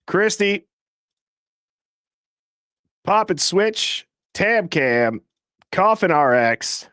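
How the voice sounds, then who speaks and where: Male stream host, slightly high-pitched, dry close mic, rapid easy patter reading viewer names. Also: no echo. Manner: fast, casual, shouting out names in quick succession. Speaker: host of a live call-in show.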